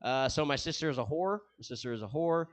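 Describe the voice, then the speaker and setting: A young man doing a rambling stand-up set with self-deprecating dark humor. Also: mid-range voice, fast. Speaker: stand-up comedian.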